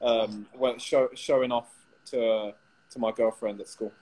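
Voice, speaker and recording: A young man co-hosting a casual chat show, relaxed and teasing in his banter. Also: medium pitch, unhurried, heavy background noise. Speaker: co-host.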